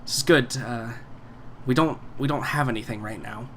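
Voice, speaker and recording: A man's voice: medium pitch, normal speed, a bit bright, a little hiss or hum, close to an everyday voice. A nervous snake-faced henchman played by a man who stammers and trips over his words. He stays subdued and eager to please in a tabletop role-play.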